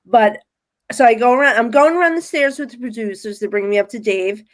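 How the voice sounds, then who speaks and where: A woman's voice: a little high, fast talker. A woman, a guest medium telling her experiences in a casual podcast interview, acting out what people said. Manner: animated storyteller, acts out her own quotes.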